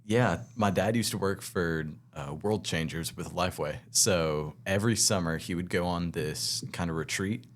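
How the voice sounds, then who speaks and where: A teenage guy with a very deep, low voice answers interview questions. His replies are brief and laid-back. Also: moderate pace, few pauses. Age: teens. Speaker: guest. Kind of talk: casual interview chat.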